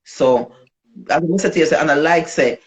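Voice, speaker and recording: A woman with a Jamaican accent, a dancehall artist telling her story in a casual interview, animated and slipping into patois. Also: sits low, moderate pace. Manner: animated, switches into patois, acts out quoted voices. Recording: dull lo-fi recording.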